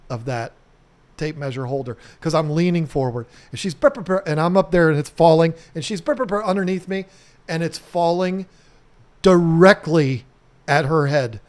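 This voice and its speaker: A middle-aged man on his home restoration vlog, talking straight to camera in a loose, animated storytelling way. His voice sits a bit high for a man. He cusses casually and breaks into silly sound effects as he goes.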